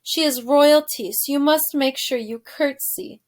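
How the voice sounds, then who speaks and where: A woman's voice: sits high, unhurried. A woman reading as a dour head servant. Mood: stern. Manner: stern, instructing.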